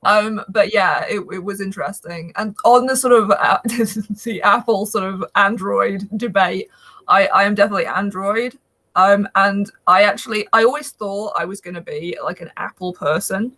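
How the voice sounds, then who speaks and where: A woman's voice: mid-range voice, normal speed, bright, forceful tone. A woman hosting a podcast in casual conversation, easygoing and laughing often. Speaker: podcast host.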